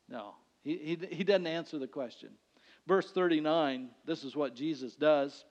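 A male pastor preaching a sermon in a conversational way, swinging between loud declarations and hushed lines. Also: fairly high pitch, moderate pace. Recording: dull sound with long hall reverb.

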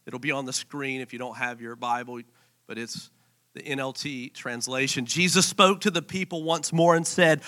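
A male pastor preaching a sermon in a playful, animated way, with joking asides. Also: mid-range voice, normal speed.

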